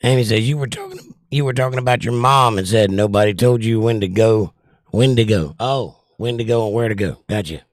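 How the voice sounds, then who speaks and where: With a lowish voice and a somewhat fast pace, a man hosting a livestream reads chat messages aloud and answers with jokes in a casual way. He sounds strained and winded. The audio is clean studio sound without any room noise.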